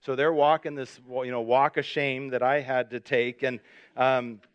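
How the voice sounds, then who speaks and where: A man's voice: medium pitch, level tone, measured pace, clean tone, no echo, dull audio. A middle-aged man preaching a sermon, telling a personal story with self-mocking humor and acting out the voices in it. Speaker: pastor.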